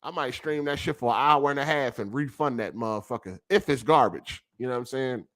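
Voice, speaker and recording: A man's voice: medium pitch, fairly quick, fairly bright tone. Profane, ranting male streamer. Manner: frustrated, swearing, slangy. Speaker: podcast host and streamer. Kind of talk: casual profane rant. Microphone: streaming setup over a weak connection.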